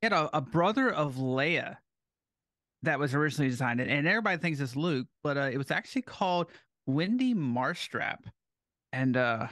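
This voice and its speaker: A man guesting on a casual podcast, playfully spinning deadpan nonsense. His voice is fairly high and very lively, swinging up and down in pitch. The sound is dry and close. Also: moderate pace, dry recording. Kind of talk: casual chat.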